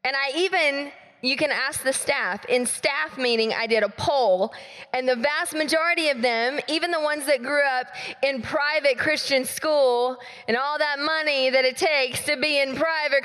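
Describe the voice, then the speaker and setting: A woman pastor, preaching a sermon and telling a story with playful, animated acted dialogue. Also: high-pitched, unhurried, in a large hall.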